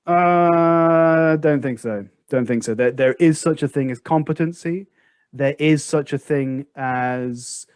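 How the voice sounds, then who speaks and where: A man hosting a casual podcast discussion, making his points emphatically and acting out past conversations with lively storytelling. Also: mid-range voice, no room sound. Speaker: podcast host.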